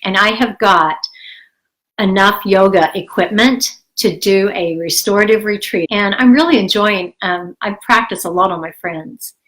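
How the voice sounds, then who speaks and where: An older woman speaks with a cold, candid and rambling. She encourages her listeners in a casual, heartfelt tone at a middling pitch. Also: measured pace, fairly bright tone, rough recording. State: has a cold, coughing. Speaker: health vlogger. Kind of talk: casual talk to camera.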